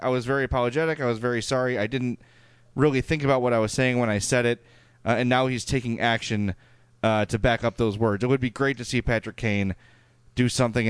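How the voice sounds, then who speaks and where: Chicago guy cohosting a podcast, reads out emails, lots of uhs, smooth clear voice. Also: medium pitch, dry recording. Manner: reads listener emails aloud, hedging with fillers. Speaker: podcast co-host. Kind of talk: casual podcast chat.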